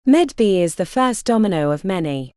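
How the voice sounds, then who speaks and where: A woman voicing a stern eldest witch sister who speaks low and mean, in an audiobook. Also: animated, moderate pace, warm tone, clear, resonant tone, dry recording, clean studio sound, close to an everyday voice. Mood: contemptuous.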